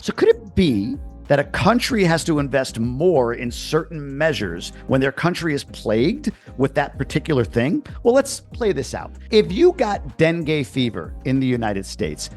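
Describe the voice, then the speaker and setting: Male vlogger, animated rant, indignant and sarcastic, lively pitch. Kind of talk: heated commentary rant. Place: lives abroad.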